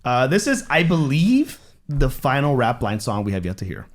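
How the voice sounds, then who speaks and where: A man hosting a casual reaction video, joking and talking quickly with his co-hosts. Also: mid-range voice, wildly swooping pitch, heavy background noise. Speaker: reaction channel host.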